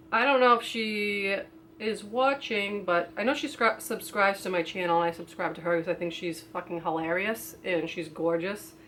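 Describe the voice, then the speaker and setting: A woman's voice: fairly low pitch, fairly bright tone, a little hiss or hum. A young woman vlogging a casual question-and-answer video, reading each question aloud and answering off the cuff with lots of fillers. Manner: rambling, with many fillers.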